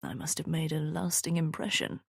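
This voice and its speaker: A woman voicing a composed middle-aged man in an audiobook, measured and reasonable in tone. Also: lowish voice, no room sound, clean studio sound. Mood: guarded.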